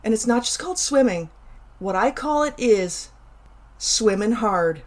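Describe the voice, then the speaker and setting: A woman's voice: fairly high pitch, lively intonation, a little slow. A middle-aged woman from Canada, hosting a casual solo show and chatting animatedly through a personal story with playful emphasis and asides. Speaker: podcast host.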